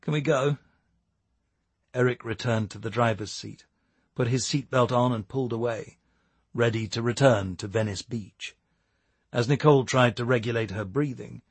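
A man giving steady, measured scripted narration of a novel. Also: mid-range voice, husky, dry recording. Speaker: audiobook narrator.

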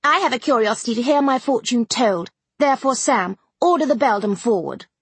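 A woman's voice: fairly quick, breathy edge, no echo. Woman doing an imperious young lady. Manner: commanding, high-strung.

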